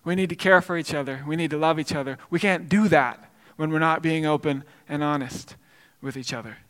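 A man's voice: a little high, fairly quick, a bit bright, in a large hall. A male pastor preaching a sermon, telling a story earnestly with frequent repeated words and restarts.

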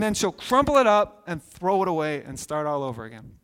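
A man in his thirties, a pastor preaching a sermon with animated storytelling, acting out voices. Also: high voice, fairly quick, few pauses. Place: church sanctuary. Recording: long hall reverb.

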